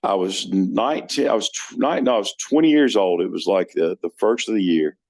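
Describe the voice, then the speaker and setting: A man's voice: sits low, fairly quick, a little mellow. A man talking as a podcast guest in casual chat, telling stories earnestly with many restarts.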